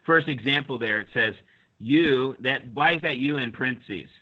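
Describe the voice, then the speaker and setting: A man's voice: medium pitch, moderate pace, lo-fi sound, noisy background. A man teaching an online grammar class, explaining step by step and calling on students.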